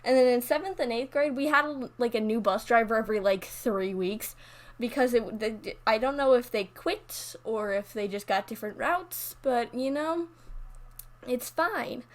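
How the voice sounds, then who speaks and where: A woman's voice: fairly high pitch, normal speed. A teenage girl telling a rambling story in casual chat, full of "like" and restarts. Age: teens. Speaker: YouTuber narrating over a speed build.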